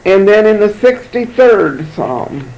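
A man preaching with a high voice and a gravelly edge of fry. He reads scripture verse by verse, then stops to comment and repeats his words as he explains them. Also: very animated, slow pace, a little mellow, slight background noise, low-quality recording. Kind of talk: sermon with scripture reading.

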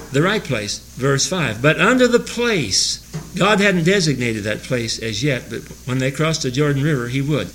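Older man, bible teacher, folksy, chuckling asides, slightly high voice. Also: fairly bright tone, a little hiss or hum, low-quality recording. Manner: chuckles often, homespun asides, reads scripture slowly.

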